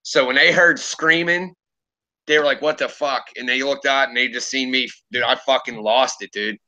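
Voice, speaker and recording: Bright-voiced man telling a heated story. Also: medium pitch, normal speed. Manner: profane, animated storytelling, quotes himself heatedly. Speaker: streamer. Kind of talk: casual chat.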